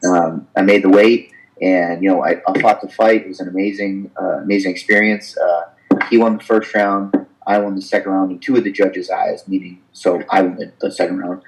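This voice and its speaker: A man in his thirties with a very low voice tells his story in a relaxed interview. He talks about his fighting career in an animated way and acts out the conversations he recounts. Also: a little fast, poor audio. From United States. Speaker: professional fighter.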